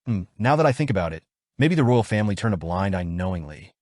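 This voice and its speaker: A cold, shrewd noblewoman from a storybook-style recap speaks in a cool, probing, matter-of-fact way, as a man reads her lines. The lines rise and fall with a lively lilt over a dry, close sound. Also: fairly low pitch, fast, no echo.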